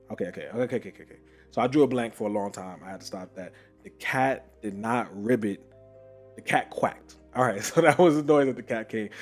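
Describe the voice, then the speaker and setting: A man hosting a podcast, telling a story in an animated, casual way, with frequent laughs and many fillers. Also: mid-range voice. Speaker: podcast host.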